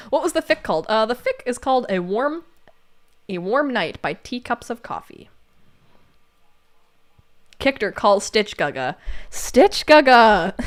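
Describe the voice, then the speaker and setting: Giggly woman chatting on a livestream. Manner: giggly and playful, jumps to squeaky exclamations. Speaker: livestream co-host. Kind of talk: casual chat reading viewer comments aloud.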